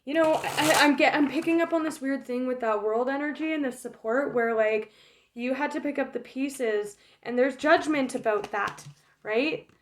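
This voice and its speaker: Animated, swearing woman tarot reader. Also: sits high, normal speed, slight background noise. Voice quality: frank, swears freely, frequent fillers. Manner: animated, laughs often, emotional. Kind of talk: casual tarot reading.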